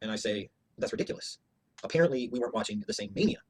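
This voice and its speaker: Fast, husky man ranting profanely. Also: lowish voice, animated. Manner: profane, heated, emphatic. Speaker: wrestling show reviewer. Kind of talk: opinionated review rant.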